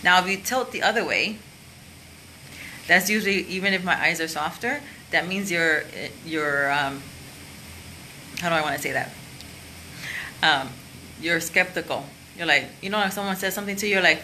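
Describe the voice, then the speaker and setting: Low-voiced, bright woman coaching. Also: normal speed, pauses often, slight background noise, low-quality recording. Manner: open, chatty, demonstrates with her voice. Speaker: career and sales coach. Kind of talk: casual coaching talk to camera.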